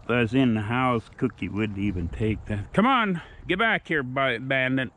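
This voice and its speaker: A man's voice: mid-range voice, expressive, moderate pace, a bit bright, slight background noise. A plainspoken, folksy man chatting casually outdoors while working with his dogs. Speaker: dog owner and trainer. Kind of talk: casual vlog chat.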